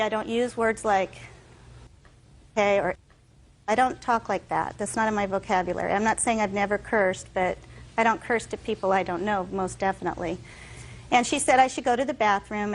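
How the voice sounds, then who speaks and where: A woman's voice: fairly high pitch, rough recording. Earnest young woman testifying. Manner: earnest, tells events with quoted dialogue. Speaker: defendant in a TV courtroom. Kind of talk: courtroom testimony. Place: courtroom set.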